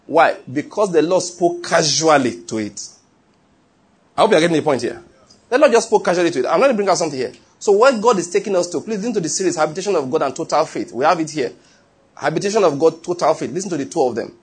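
A man's voice: fairly high pitch, expressive, fast, slightly rough. A man preaching a sermon, emphatic and repetitive, often asking whether his listeners follow. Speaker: pastor.

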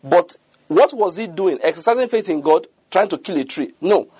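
A man's voice: high-pitched, animated, moderate pace, warm tone, husky, no echo. A middle-aged man preaching a sermon, earnest and repetitive, often checking that listeners follow him.

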